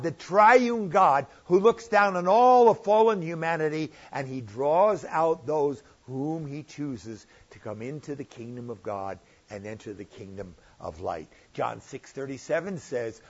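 An older man preaching a sermon with a slightly husky voice, stressing key points with rising emphasis and slowing down. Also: a little high, highs cut off. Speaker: pastor.

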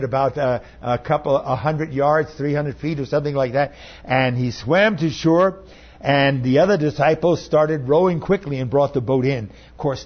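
A man's voice: a little high, breathy edge, highs cut off. A man preaching a sermon as pastor, conversational, asking his listeners rhetorical questions.

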